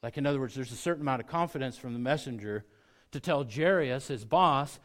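A man preaching a sermon, talking casually to his congregation and swinging from hushed, quiet lines to loud, emphatic peaks. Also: mid-range voice, brisk. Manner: conversational, with many restarts and asides to the congregation. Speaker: pastor.

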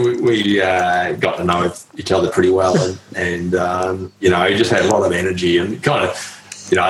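Brief: middle-aged Australian ex-athlete, deep voice, rambling story, roomy sound with faint background noise. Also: male voice. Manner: halting, full of fillers and mild swearing. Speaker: interview guest, former pro cyclist. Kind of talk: casual anecdotal storytelling.

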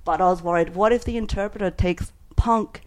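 A woman, a food writer, chatting on a podcast and telling a rambling story, quick to laugh and full of "like". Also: fairly low pitch.

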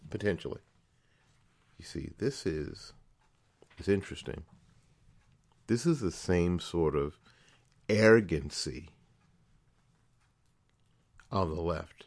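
A man's voice: low voice, expressive, slow pace, creaky, long pauses. A man hosting a podcast, delivering a political commentary monologue in an indignant, emphatic way, firing off rhetorical questions and repeating words as he builds his point. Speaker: podcast host.

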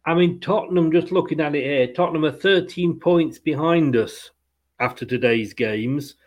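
Host: man, high voice, chatty and upbeat, laughs easily, casual football podcast banter. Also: normal speed.

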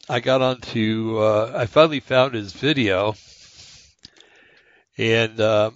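An older man hosting a radio show, with a raspy, haggard voice, talking casually and reading aloud slowly, with many pauses and fillers. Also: medium pitch, fairly bright tone, no echo, highs cut off. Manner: slow, halting, many fillers and restarts.

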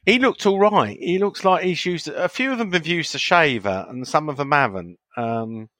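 A man's voice: fairly high pitch, animated, moderate pace, bright, forceful tone, no echo. Man on a podcast, stammers and restarts, defensive, very dry close sound. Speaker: podcast co-host. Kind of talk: casual chat.

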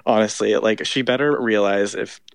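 A man co-hosts a casual pop culture podcast, chatting about pop music with lots of "like" fillers. His fairly low voice is clear and resonant, at a moderate pace, with no echo.

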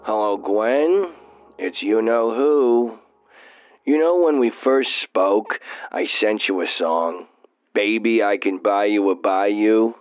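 A man's voice: on the low side, slow pace. An actor playing a lovesick male weatherman who leaves a voicemail and earnestly croons a song over guitar. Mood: wistful. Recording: tinny phone voicemail with guitar.

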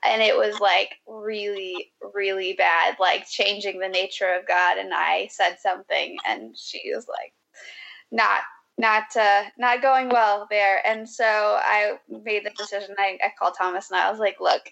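A woman hosting a podcast, telling a story in casual chat with animated quoted asides and frequent laughs. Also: medium pitch, unhurried, gravelly. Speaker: podcast host. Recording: dull lo-fi podcast audio.

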